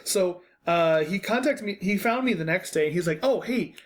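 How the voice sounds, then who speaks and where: A man's voice: high-pitched, lively intonation, normal speed. A young man hosting a podcast, giving blunt, unscripted critique in a casual way, with many fillers and restarts. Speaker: podcast host.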